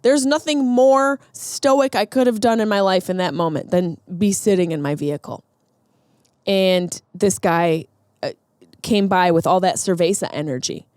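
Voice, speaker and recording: A woman's voice: medium pitch, normal speed, a little mellow, no echo, clean studio sound. A woman podcast host in a comedic monologue, ranting animatedly with rhetorical questions.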